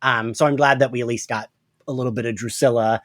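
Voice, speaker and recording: A man co-hosting a fan podcast, chatting excitedly and laughing often, with lots of fillers. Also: mid-range voice, fast talker, no echo. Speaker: podcast co-host. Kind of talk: casual fan podcast chat.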